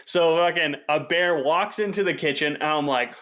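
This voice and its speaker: A man co-hosting a podcast, telling a kitchen story in a casual, animated way and swearing freely. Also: a little high, moderate pace. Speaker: podcast co-host.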